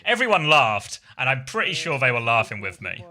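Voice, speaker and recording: English male esports streamer, very bright forceful tone, chatty and self-deprecating, easy stream talk. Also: mid-range voice, sing-song, brisk. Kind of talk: casual stream chat and play-by-play commentary.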